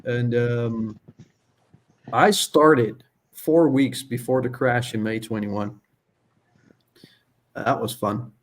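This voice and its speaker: A man's voice: mid-range voice, takes it slowly, pauses often. A man co-hosting a casual chat, telling stories candidly and swearing freely. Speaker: podcast co-host.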